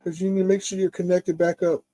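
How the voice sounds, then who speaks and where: A man's voice: high voice, little pitch movement, fast, dark tone, dry recording. A man instructing a class in casual chat, talking others through technical steps and repeating himself.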